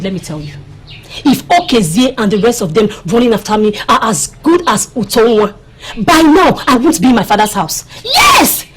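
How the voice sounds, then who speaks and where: A woman's voice: fairly high pitch, husky. A Nigerian actress playing a playful young village girl who teases her friend in a chatty way. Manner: teasing, chatty, laughing. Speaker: actor. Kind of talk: film drama acting.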